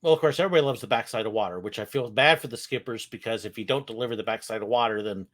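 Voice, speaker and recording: A man from California telling relaxed stories over a video call, laughing often. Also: medium pitch, a little fast. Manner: easygoing storyteller, laughs often. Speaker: guest, former theme park ride skipper. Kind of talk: casual video call chat.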